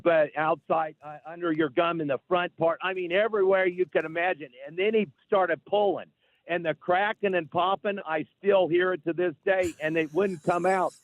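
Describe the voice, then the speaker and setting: A man calling in to a talk radio show, telling a story in an animated, insistent way over a phone line. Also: high-pitched, normal speed, no echo. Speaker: caller. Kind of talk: call-in radio chat.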